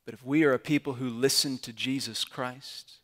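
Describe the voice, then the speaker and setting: A pastor in his forties tells personal stories from the pulpit with quiet earnestness. His mid-range man's voice rises into forceful, emphatic peaks as the sermon builds. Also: medium pitch, steady tone, normal speed.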